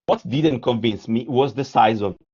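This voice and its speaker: A man's voice: medium pitch, moderate pace, dark tone, slightly rough, dull audio. A man with an Italian accent giving a lecture on his art, moving through slides and reading part of a story aloud, hesitant, with many fillers and restarts. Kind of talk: lecture presenting slides, partly read aloud.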